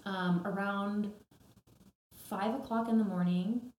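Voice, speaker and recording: A woman's voice: mid-range voice, steady tone, slow pace, a little mellow. A young woman telling her own story as a podcast guest, earnest and tender, with frequent fillers. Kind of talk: personal story in interview. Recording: echoey room.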